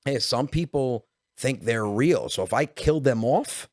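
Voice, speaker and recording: A man from New York, a comedian guest telling stories on a podcast, animated and jumping into voices. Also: medium pitch, measured pace, dry recording. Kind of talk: casual podcast storytelling.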